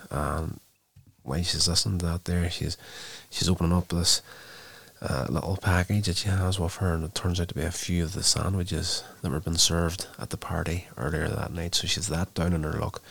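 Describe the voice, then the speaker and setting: Deep, gravelly man recapping casually. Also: fairly even intonation, moderate pace, a bit bright. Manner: rambling, frequent fillers and restarts. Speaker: episode recapper.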